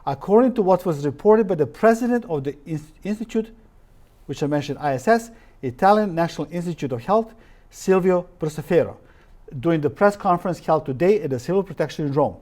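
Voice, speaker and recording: A man's voice: a little high, lively intonation, brisk, darkish tone. Emphatic man lecturing from slides. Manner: reads quotes aloud, stresses words, drops articles. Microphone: live-stream recording.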